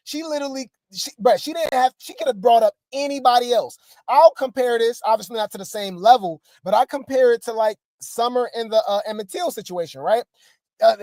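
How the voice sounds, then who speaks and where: A man's voice: very high-pitched, mellow, no room sound. A man hosting casual gossip commentary on reality TV, rambling with fillers and asides to his viewers. The recording is dry and close, with no room sound.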